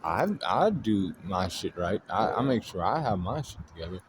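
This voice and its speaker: Low-voiced guy ranting casually, swears a lot, kinda fed up, noisy recording. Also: big pitch swings, moderate pace. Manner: blunt, profane, exasperated venting. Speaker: astrology video host.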